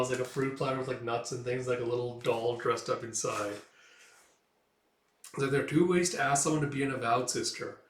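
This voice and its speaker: A man's voice: mid-range voice, a bit bright. Casual man retelling a comic. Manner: casual, filler-heavy retelling. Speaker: comic reviewer. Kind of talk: casual read-through of a comic. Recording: roomy, mic at a distance.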